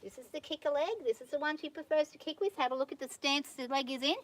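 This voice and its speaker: Outdoors on a farm, a woman handles a horse, coaxing it calmly and patiently with soft praise while plainly explaining each step to viewers as hands-on training commentary. Her voice is high-pitched, and she talks fast.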